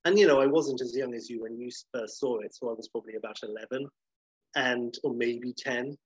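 Rambling man, husky voice. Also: medium pitch, a little fast, dry recording, highs cut off. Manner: rambling, self-correcting, enthusiastic. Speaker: podcast co-host. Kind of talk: casual chat.

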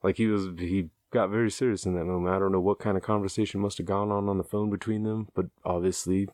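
Man, deep voice, casual rambling storytelling, amused, profane, dry close sound. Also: flat delivery, quick pace, a little mellow, no room sound. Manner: rambling, amused, loose and profane, chuckles at his own story.

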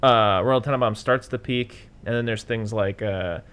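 A man's voice: lowish voice, normal speed, a bit bright, smooth. A man co-hosting a podcast in casual chat, laid-back, swearing freely and acting out lines he quotes. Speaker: podcast co-host.

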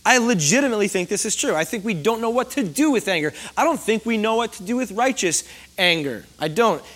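A man's voice: high voice, lively intonation, brisk, a bit bright. A young man preaching a sermon to a congregation, chatty and storytelling, often asking the room questions. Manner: conversational, asks the congregation questions. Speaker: pastor. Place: church hall before a congregation.

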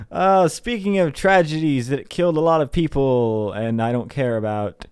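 A man's voice: medium pitch, measured pace, gravelly, darkish tone, clear, resonant tone, dry recording, clean studio sound. A young man hosting a podcast, ranting in an exasperated way, swearing and mocking the people he argues against. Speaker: podcast host. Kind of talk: casual ranting monologue.

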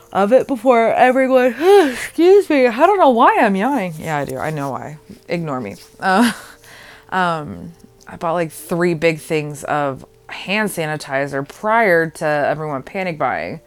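A young woman hosting a casual solo podcast from home, rambling, giggling and joking at herself. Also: on the low side. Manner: rambling, giggly and self-deprecating. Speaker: podcast host.

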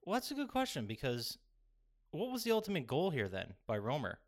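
A man's voice: on the high side, huge pitch swings, fairly quick. A man co-hosting a casual podcast, rambling through a video game's plot, swearing casually and laughing often. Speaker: podcast co-host. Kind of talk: casual chat reviewing a video game.

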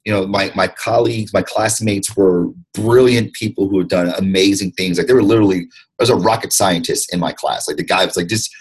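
Husky, low-voiced man, earnest guest. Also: fairly quick, rough recording. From Detroit, USA. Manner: earnest and reflective, with repeated restarts. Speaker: podcast guest. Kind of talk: candid interview conversation.

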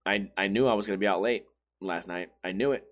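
A man hosting his own podcast, hoarse and with a failing voice, grumbling and cursing his way through a casual rant. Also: low voice, fast talker. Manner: profane, grumbling, self-deprecating. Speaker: podcast host.

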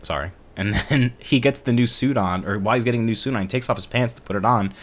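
A man's voice: fairly low pitch, fast talker. A man co-hosting a podcast, chatting casually through a movie recap in a rambling, laid-back way with the odd swear word. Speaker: podcast co-host.

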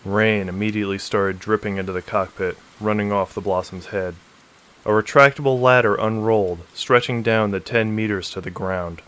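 Low-voiced male audiobook narrator. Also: fairly bright tone. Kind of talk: scripted narration.

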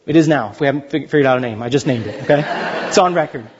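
A man's voice: medium pitch, rapid-fire, lo-fi sound, a little hiss or hum. A man preaching a sermon as pastor, in a conversational, jokey way with playful acted quotes.

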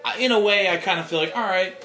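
A man's voice: sits high, quick pace, sharp tone, faint music behind. Dry, joking man in an echoey room. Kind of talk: casual chat.

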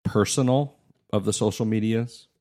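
A man in his thirties, co-hosting a casual chat and telling jokey stories with lively mock quotes. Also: fairly low pitch, normal speed. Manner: joking, animated storytelling with mock quotes. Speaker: podcast co-host.

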